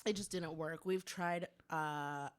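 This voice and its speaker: A woman's voice: low voice, steady tone, smooth. Chatty female podcast co-host. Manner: chatty storytelling, quick to laugh. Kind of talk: casual chat.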